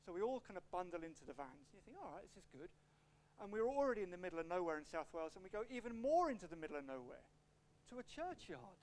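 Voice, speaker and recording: A man's voice: sits high, fast. A man preaching an expository sermon with a personal story, acting out quotes as he goes. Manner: animated, acts out quotes, shifts pace a lot.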